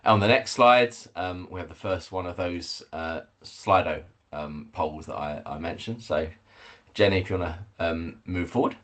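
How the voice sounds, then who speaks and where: A man, head of communications, presenting a webinar over a video call, measured, with many fillers and restarts. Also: low-pitched, fairly bright tone.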